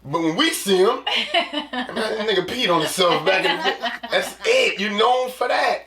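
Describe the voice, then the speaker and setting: A man hosting a podcast in casual chat, animated and jokey, acting out little scenes as he talks. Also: high-pitched, normal speed, recorded from a distance, a crowd in the background. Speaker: podcast host. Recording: roomy echo, voice a bit off mic.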